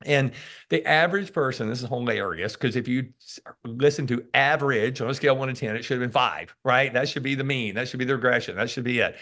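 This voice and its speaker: A man talking as a guest in a casual interview, telling emphatic stories and acting out what people say to him. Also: medium pitch. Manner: animated storyteller who acts out what people say; emphatic and preachy, repeats key words. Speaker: podcast guest, sales author.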